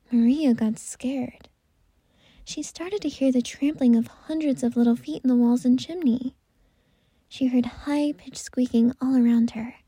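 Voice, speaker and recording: A woman narrating a bedtime story in a gentle, unhurried way, at times dropping into a whisper. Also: fairly high pitch, husky, no room sound.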